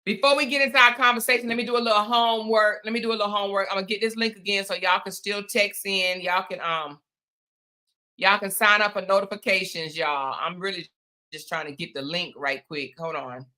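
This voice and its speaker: A woman's voice: mid-range voice, fairly even intonation, fairly quick, pushed and bright. A woman hosting a casual livestream, chatting with viewers, greeting them by name and calling them y'all and honey. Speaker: livestream host. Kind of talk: casual live-stream chat with viewers.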